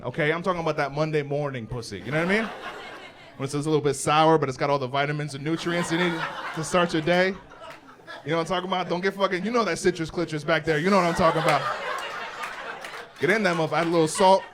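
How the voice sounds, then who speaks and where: A man's voice: a little high, background noise. A brash male stand-up comedian performing a profane, slangy set on stage, saying "bro" a lot. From United States. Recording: live stage mic with audience laughter.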